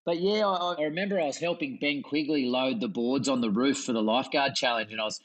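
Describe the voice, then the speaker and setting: Relaxed Australian lifeguard man. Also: medium pitch, fast talker, poor audio. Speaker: lifeguard guest. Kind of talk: casual chat.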